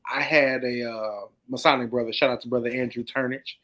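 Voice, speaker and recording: A man co-hosting a casual talk show, telling a story in an easygoing way with relaxed slang. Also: medium pitch, brisk. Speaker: podcast co-host. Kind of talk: casual chat.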